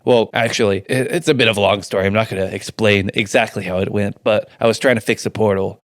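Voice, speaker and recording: A man's voice: fairly low pitch, no room sound, studio quality, natural voice. A man playing a young adventurer lost after a portal accident, rambling and stumbling over his words. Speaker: player character.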